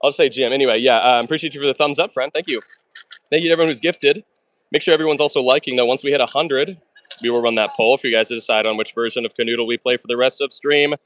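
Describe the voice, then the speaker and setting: A man live-streaming himself solving puzzles, talking fast and chatty through every move, with excitable outbursts and thanks to chat. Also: mid-range voice. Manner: fast and chatty, talks through his moves; excitable, bursts of exclamations.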